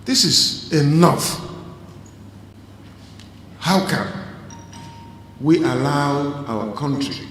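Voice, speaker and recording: A man speaking as a state governor, giving a firm, deliberate public address. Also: on the high side, lively intonation, a bit bright. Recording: echoey hall clip with faint ambience.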